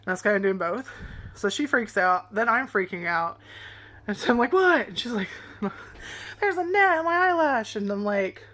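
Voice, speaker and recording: A woman's voice: mid-range voice, fairly bright tone. A young adult woman telling a rambling casual story as a vlogger, swearing often and laughing along the way.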